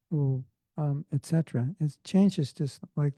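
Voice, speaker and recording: A spiritual teacher with a Californian accent leads an informal devotional class, speaking conversationally with joking asides. His voice is mellow, on the high side, and measured in pace, and the recording is dry and rough.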